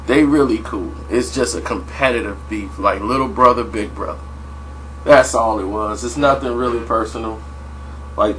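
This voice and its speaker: A man's voice: medium pitch, a bit bright, slight background noise, low-quality recording. A man casually telling a story in a slangy style, full of "you know" and "like". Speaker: vlogger.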